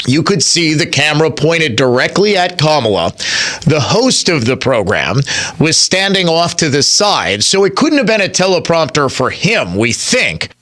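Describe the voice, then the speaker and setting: Male talk radio host, slightly high-pitched and sharp-toned, opinionated and conversational. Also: very animated, moderate pace. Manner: conversational, argues his points, addresses listeners directly. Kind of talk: opinionated political commentary.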